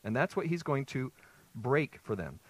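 A man preaching a sermon to a congregation in a lively, conversational way, asking rhetorical questions. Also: medium pitch, normal speed, no room sound, low-quality recording. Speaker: pastor. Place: church sanctuary with congregation.

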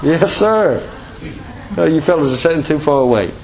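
High-voiced Southern preacher, folksy and emphatic. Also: male voice, expressive, normal speed, highs cut off, a crowd in the background. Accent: Southern American. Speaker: pastor. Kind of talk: sermon.

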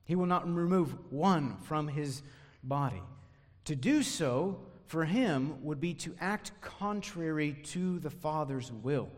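A man's voice: on the high side, long reverb tail. A man preaching an expository sermon, emphatic, often repeating words as he drives a point home.

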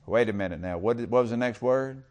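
Preaching man swinging from loud to hushed. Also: medium pitch, fast talker, muffled recording. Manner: talks with the congregation, calls for amen and uses y'all. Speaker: pastor. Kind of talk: sermon.

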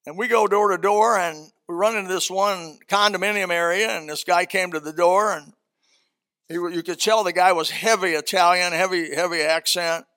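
High-voiced older man preaching a sermon. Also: steady tone, normal speed, pushed and bright. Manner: folksy storytelling preacher. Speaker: pastor.

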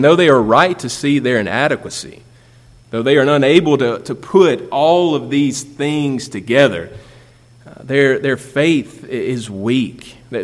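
A man preaching a sermon as pastor, building emphasis and asking rhetorical questions. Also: medium pitch. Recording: long reverb of a large hall.

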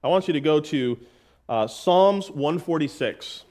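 Folksy preaching man, higher-pitched. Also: expressive, darkish tone. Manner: reads scripture slowly and emphatically. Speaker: pastor. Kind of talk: sermon.

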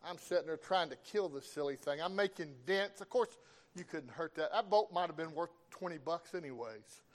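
A middle-aged man preaching in a fairly high voice. He tells homespun stories at an easy pace and often pauses to ask for an amen. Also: lively intonation. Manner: folksy, calls for amens. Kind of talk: sermon with folksy storytelling.

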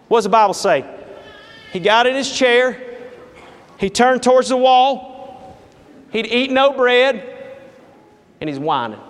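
High-voiced preacher in echoey hall. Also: male voice. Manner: storytelling, dramatic, emphatic. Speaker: pastor. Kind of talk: sermon.

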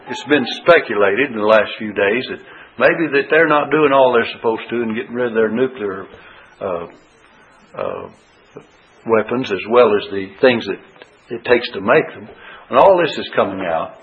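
A man teaching from the Bible in a folksy, conversational way, rising high in pitch when he gets stirred up. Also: big pitch swings, normal speed. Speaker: preacher. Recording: tinny phone-like radio broadcast.

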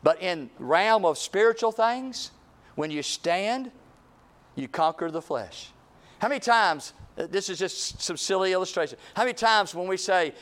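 Male revival preacher, fairly high-pitched, swings between booming and near-whispered lines. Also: lively intonation, moderate pace. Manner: swings from booming to hushed, repeats phrases. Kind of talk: revival sermon.

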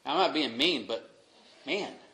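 A young man preaching a sermon as pastor, dropping to quiet asides and rising to loud, emphatic peaks. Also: medium pitch, expressive, unhurried. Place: church sanctuary. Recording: echoey room, faint noise.

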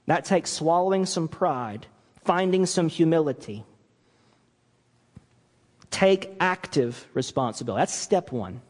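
Animated preacher in a reverberant hall. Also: male voice, a little high, takes it slowly, long pauses. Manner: animated preaching, acts out quoted apologies. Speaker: pastor. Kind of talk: sermon. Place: church sanctuary.

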